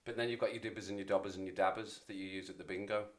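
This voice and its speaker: A man's voice: low voice, fairly even intonation, racing. A man in his forties hosting a casual livestream chat, rambling and self-deprecating as he talks to viewers. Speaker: livestream host.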